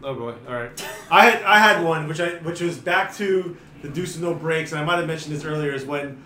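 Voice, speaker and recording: A man's voice: fairly high pitch, fairly quick, sharp tone. A man hosting a podcast, laid-back and joking, passing turns to the others. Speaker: podcast host. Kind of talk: casual podcast chat. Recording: echoey room.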